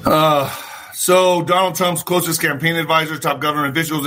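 A middle-aged man hosting a livestream, ranting about politics in a profane, animated way, talking straight to his viewers and acting out little scenes in voices. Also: a little high, moderate pace. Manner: talks to viewers directly, asks for thumbs up. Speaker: political commentary host.

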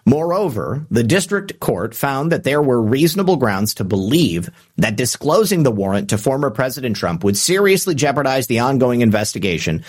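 Speaking in a mid-range, sing-song voice at a moderate pace, he rarely pauses. As host of a political commentary podcast, he quotes people and follows up with sarcasm, leaning heavily on "uh" as filler.

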